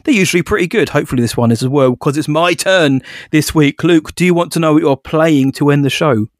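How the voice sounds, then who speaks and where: A man's voice: on the high side, brisk, no echo, clean studio sound. Playful man hosting a quiz. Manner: playful, teasing, laughs often. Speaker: podcast co-host running a quiz game. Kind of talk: casual podcast chat.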